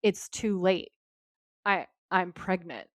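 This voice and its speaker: A woman co-hosting a podcast, retelling a TV episode with lively quoted lines in casual chat. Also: on the low side, takes it slowly, dry recording. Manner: lively retelling, quoting characters in her own voice. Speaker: podcast co-host.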